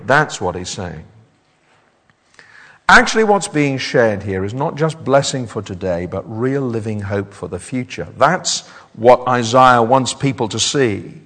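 A man preaching a sermon, animated and often repeating words as he builds up. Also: mid-range voice, measured pace, breathy edge. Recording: hall reverb.

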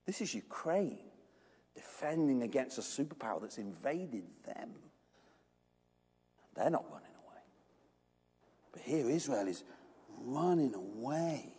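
Animated preacher in echoing church. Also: male voice, medium pitch, a little slow, long pauses, breathy edge. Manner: animated storytelling, asks the congregation questions. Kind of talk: sermon.

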